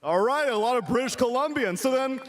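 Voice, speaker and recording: A man from the United States hosting a live esports event, energetic and joking. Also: very high voice, brisk. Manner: energetic, joking, hyping the crowd. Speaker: esports broadcast host. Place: convention center stage. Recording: loud live crowd behind.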